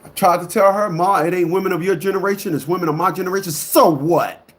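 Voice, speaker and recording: Before a live audience, a male online commentator speaks quickly in a steady tone, giving a blunt, forceful monologue. He keeps repeating points and alternates between shouting bursts and quiet mutters.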